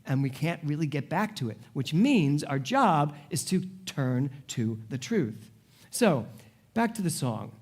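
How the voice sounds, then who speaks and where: A man in his forties, a spiritual director, giving a sermon to a congregation with animated, humorous storytelling. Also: a little high, measured pace. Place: church service before a congregation.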